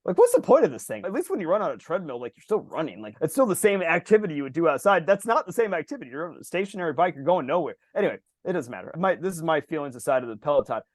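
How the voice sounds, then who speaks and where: A middle-aged man co-hosts a podcast in a loose, rambling way, swearing freely and acting out what other people said. His voice sits a bit higher than most men's. The recording is dry and close, with no room sound. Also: rapid-fire, few pauses, dry recording. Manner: rambling, profane, animated storytelling with acted-out quotes. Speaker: podcast co-host. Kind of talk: casual chat.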